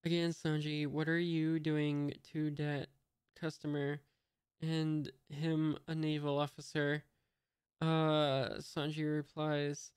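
Hesitant man reading comics aloud, slow. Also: on the high side, completely flat delivery, clean tone, no room sound, studio quality. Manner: hesitant, many fillers, reads out sound effects. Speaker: manga reader.

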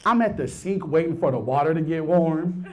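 A man in his thirties performing a stand-up comedy set, swinging between low mumbled asides and loud outbursts. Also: lively intonation, normal speed, background noise. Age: 30s.

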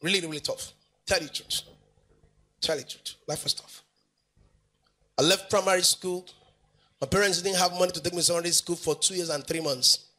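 A man's voice: sits high, steady tone, normal speed, pauses often, pushed and bright. A male pastor, preaching emphatically in a sing-song way, repeating phrases and asking the congregation questions. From Nigeria. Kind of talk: preaching sermon.

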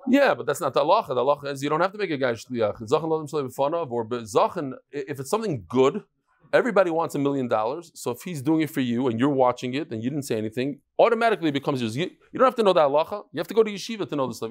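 A man leads a daily Talmud class and tells stories as he teaches. His voice sits a little high and swings all over the place, and he scatters Hebrew and Yiddish words through his English. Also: very fast. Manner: animated storytelling, mixing Yiddish and Hebrew terms into English.

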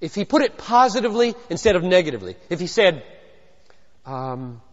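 An older male pastor preaching in a high, very lively voice that leaps between loud emphasis and hushed near-whispers. He is recorded in a large hall with long reverb. The sound is a little dull and lo-fi. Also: fairly quick. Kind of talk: sermon.

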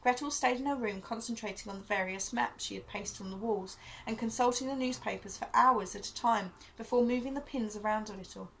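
A woman teacher reading a novel aloud to her pupils in a steady storytelling manner. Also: a little high, fairly quick, gravelly, hardly any pauses, a little hiss or hum, poor audio.

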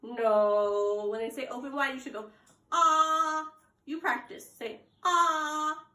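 A young adult woman teaching preschoolers at circle time, reading aloud and prompting them with gasps and questions. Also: on the high side. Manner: slow, sing-song, exaggerated gasps and prompts to children. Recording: echoey room.

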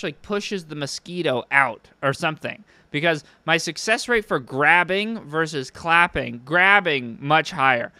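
Bright-voiced young man, profane and sardonic. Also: fairly high pitch, dry recording. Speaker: streamer. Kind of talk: casual stream commentary.

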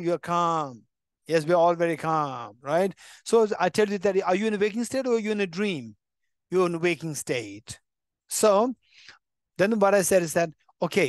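A man's voice: high-pitched, no echo. Man, Buddhist teacher, emphatic, restarts words, English, dry close sound. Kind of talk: dharma teaching. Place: teaching center room.

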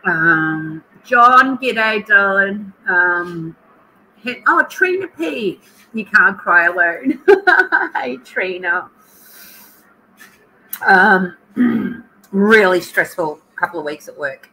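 Slow-talking, bright-voiced Australian woman. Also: medium pitch, lively intonation, slight background noise, low-quality recording. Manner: chatty and emotional, greeting viewers by name. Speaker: livestream host. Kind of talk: casual chat with live viewers.

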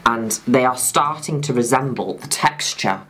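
A woman's voice: rumbling low, moderate pace, a bit bright. A woman in her twenties chatting through a makeup tutorial, camp and theatrical, gushing at her viewers. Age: 20s. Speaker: makeup vlogger.

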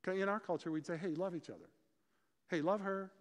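A man preaching a sermon, explaining scripture and telling stories with lively, acted-out dialogue. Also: high-pitched, a little fast. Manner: animated storytelling, acts out dialogue. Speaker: pastor. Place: church sanctuary. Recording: church hall reverb.

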